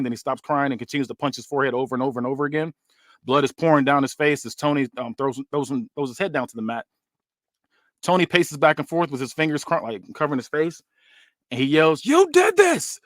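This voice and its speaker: A podcast host with a medium, slightly bright voice presents a fantasy booking, casually narrating a wrestling storyline play by play. He rambles with plenty of "um"s and restarts, recorded in clean studio sound with no room ambience.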